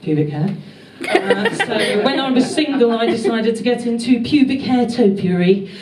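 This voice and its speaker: Young English woman, stand-up comic, dry, self-deprecating, higher voice, far from the mic. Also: expressive, normal speed. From England. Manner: dry, self-deprecating, laughing at her own jokes. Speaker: comedian. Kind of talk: stand-up comedy set. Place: comedy club stage. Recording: echoey club, far off, crowd.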